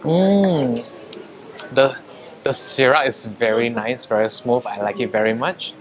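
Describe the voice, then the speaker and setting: A man vlogging a casual review of hotel food, wine and rooms, chatty, with frequent pauses and fillers. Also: medium pitch, fairly even intonation, a bit bright.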